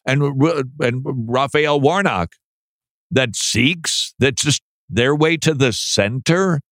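A man's voice: mid-range voice, slow, fairly bright tone, dry recording, studio quality. A male radio talk show host giving emphatic, sarcastic commentary with an incredulous edge.

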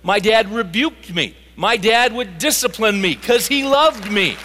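Brief: high, bright-toned man preaching, animated, with long hall reverb behind him. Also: unhurried, a faint crowd. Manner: animated, builds to emphatic peaks. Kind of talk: sermon. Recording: live talk in a reverberant hall.

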